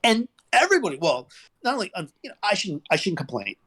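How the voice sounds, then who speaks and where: Animated, rambling male interview guest. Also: fast talker. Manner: rambling and animated, with many restarts and big pitch jumps when quoting others. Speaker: guest, former toy developer. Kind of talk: casual interview storytelling.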